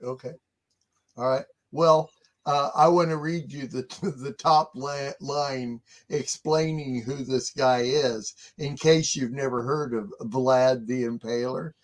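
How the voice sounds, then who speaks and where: A man's voice: medium pitch, steady tone, slow pace. A middle-aged man co-hosting a casual game chat, laughing often and hesitating with fillers. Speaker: co-host.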